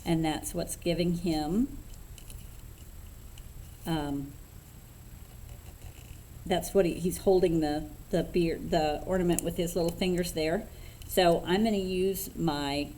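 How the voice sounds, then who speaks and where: Woman craft instructor, lower voice, casual step-by-step talk, faint hum in the room. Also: poor audio. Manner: relaxed, unhurried, thinking aloud with fillers. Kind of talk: step-by-step painting tutorial.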